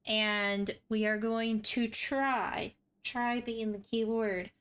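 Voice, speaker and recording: A woman's voice: fairly high pitch, level tone, takes it slowly, fairly bright tone, smooth. A woman hosting a game walkthrough, chatting casually in a rambling, self-deprecating way. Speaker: gaming walkthrough host.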